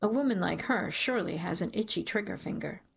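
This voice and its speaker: A woman reading a first-person story aloud as an audiobook narrator, in a measured storytelling manner. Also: fairly low pitch, creaky, breathy edge.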